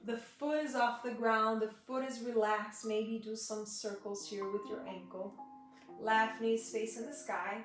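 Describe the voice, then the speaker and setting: A woman with guides a gentle yoga class in an unhurried, high-ish voice, mixing breathing cues with friendly asides. She sits back from the mic in a very echoey room. Guitar music plays clearly underneath. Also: flat delivery, far from the mic. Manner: soft, slow cueing with chatty asides to viewers. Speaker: yoga teacher.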